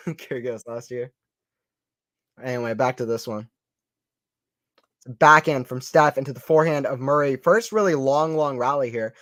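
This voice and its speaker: A man giving casual live play-by-play tennis commentary for a stream, chatty and excitable, often repeating himself and answering viewers. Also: mid-range voice, normal speed, dry recording. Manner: excited, chatty, repeats phrases, reads out chat.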